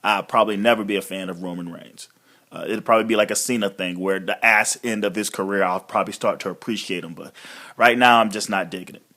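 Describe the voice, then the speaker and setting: A man's voice: lowish voice, a bit bright. A man giving a casual, rambling recap of a wrestling show, blunt and swearing freely. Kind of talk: casual profane recap monologue.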